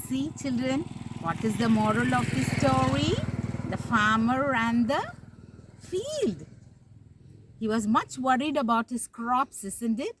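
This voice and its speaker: Slow, sing-song woman teacher outdoors. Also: fairly high pitch, lively intonation, husky, poor audio. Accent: Indian English. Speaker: kindergarten teacher. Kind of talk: outdoor nature talk to young children. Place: outdoors in a village field.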